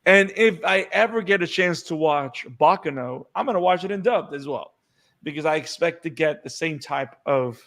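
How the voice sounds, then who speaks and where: Chatty man with a higher voice. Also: normal speed, vocal fry. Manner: animated, repeats words when excited. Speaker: podcast co-host. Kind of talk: casual chat.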